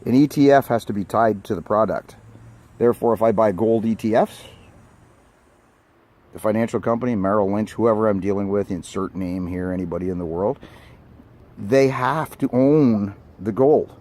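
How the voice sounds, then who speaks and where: A man's voice: fairly low pitch, fairly even intonation, a little fast, darkish tone. An older man and network engineer delivering a blunt, emphatic rant outdoors by a street, swearing casually as he goes. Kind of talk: ranting vlog monologue.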